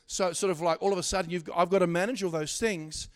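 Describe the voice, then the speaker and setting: High-voiced animated preacher. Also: male voice, fast talker. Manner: animated, swings from loud exhortation to quiet asides, stammering restarts. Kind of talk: sermon.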